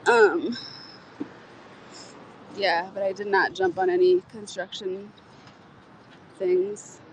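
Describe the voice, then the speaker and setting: A woman's voice: medium pitch, flat delivery, slow pace, low-quality recording. A woman chatting casually on a livestream outdoors, rambling, laughing and swearing as she talks. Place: outdoors in a community garden. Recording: faint outdoor noise.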